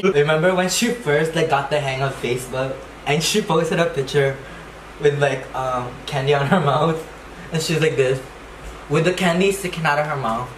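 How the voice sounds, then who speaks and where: A man's voice: on the high side, fairly bright tone, a little hiss or hum. A young man bantering casually with his mom, sassy and teasing, swearing often. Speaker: vlogger. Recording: echoey room with music playing.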